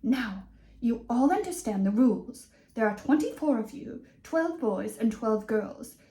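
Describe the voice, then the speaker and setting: A woman's voice: a little high, expressive, unhurried, mellow, echoey room. A woman doing a jolly British schoolteacher. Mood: announcing. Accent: put-on British. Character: jolly twinkle-eyed British male teacher.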